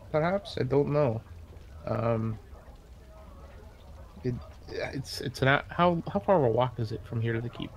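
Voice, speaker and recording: A man at a tabletop game talks slowly and haltingly, stopping often to gather his thoughts. There is a faint hum of the room behind him. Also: medium pitch, darkish tone. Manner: hesitant, full of ums and restarts. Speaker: player. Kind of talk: tabletop role-play.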